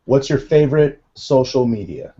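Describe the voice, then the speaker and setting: A man's voice: medium pitch, animated, normal speed, dark tone, highs cut off, a little hiss or hum. A man hosting a live online question-and-answer chat, playful and teasing with his guests. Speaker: host.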